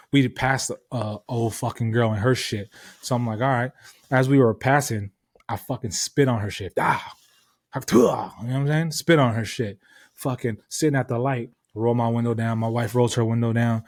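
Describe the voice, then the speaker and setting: A man hosting a podcast, retelling a story in a heated, profane, animated way. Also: mid-range voice, no echo, clean studio sound. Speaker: podcast host. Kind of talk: casual storytelling.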